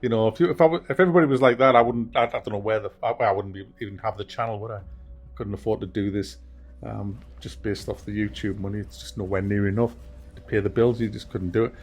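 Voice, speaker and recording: A man's voice: lowish voice, fairly even intonation, fast talker, faint music behind. A man hosting a gaming channel, rambling through a casual update from his home office with mild swearing. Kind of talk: casual monthly update chat.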